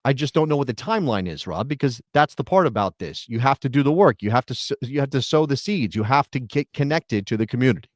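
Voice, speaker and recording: A middle-aged man co-hosting a soccer talk show, chatting casually and thinking out loud with rhetorical questions. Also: medium pitch, animated, fast, few pauses, no echo, studio quality. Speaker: soccer podcast co-host. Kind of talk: casual chat.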